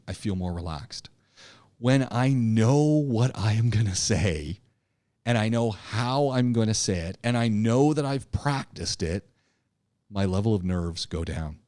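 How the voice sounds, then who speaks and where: A man teaching an online public speaking class, talking in an animated, emphatic way, often repeating himself and restarting his sentences. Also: on the low side, dry recording. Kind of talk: live online class lecture.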